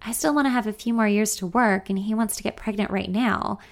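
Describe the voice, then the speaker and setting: A woman's voice: brisk, close to an everyday voice. A woman voicing her friend, a young newlywed who sounds anxious and emotional. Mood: sad. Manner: higher, brighter, emotional quoted dialogue.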